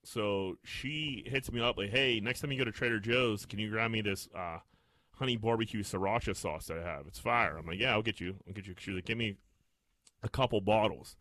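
A young man co-hosting a casual podcast, telling a story with animated, swearing outrage. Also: lowish voice, a little fast, slight background noise. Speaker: podcast co-host.

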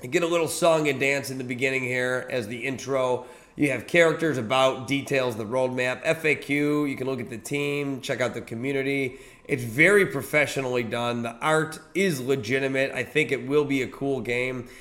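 A man's voice: mid-range voice, normal speed. A man hosting a daily online video show, chatting casually while clicking through websites, sleepy and yawning, with plenty of filler words. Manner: relaxed, chatty, reads descriptions aloud with filler words. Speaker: host of a daily crypto collectibles show. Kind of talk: casual screen-share commentary.

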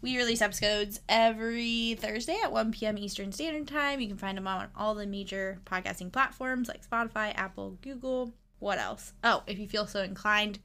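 A woman's voice: medium pitch, normal speed, hardly any pauses, sharp tone. Giggly woman co-hosting a podcast. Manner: giggly, teasing, reads out show details. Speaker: podcast co-host. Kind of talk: casual podcast chat.

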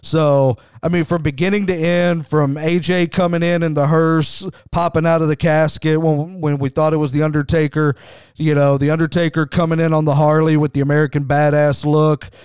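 A middle-aged man hosts a wrestling podcast, talking with enthusiasm in a loose, conversational way and often restarting his sentences. His voice is slightly higher than most men's, smooth and clear, and recorded dry and close. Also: level tone, moderate pace, darkish tone, dry recording. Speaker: wrestling show host. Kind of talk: podcast commentary.

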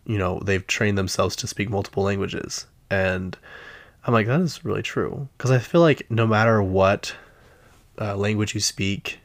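A man with a Utah accent hosting a casual pop-culture chat, chatty and easily exasperated, with lots of fillers. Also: fairly low pitch. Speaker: podcast host.

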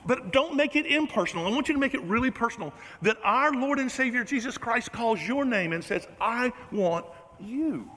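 A man's voice: very high-pitched, brisk, hardly any pauses, long reverb tail. A man preaching a sermon in a church, joking and poking fun at himself as he speaks to the congregation. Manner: animated, joking and self-mocking, talks to the room. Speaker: pastor. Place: church sanctuary.

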